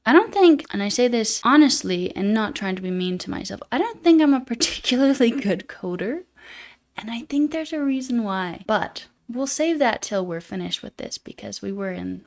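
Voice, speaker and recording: A young woman live-streaming as she codes, thinking aloud, joking at her own expense and answering chat as she goes. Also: a little high. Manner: thinks aloud while coding, jokey and self-deprecating; answers viewer chat in passing. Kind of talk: casual live coding stream.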